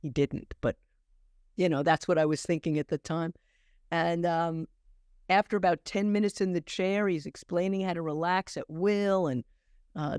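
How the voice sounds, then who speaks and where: Clean-toned, low-leaning, and free of echo in studio-quality audio, this older woman is an acting teacher guesting on a podcast. She recounts anecdotes conversationally and with animation, restarting mid-thought and acting out what people said.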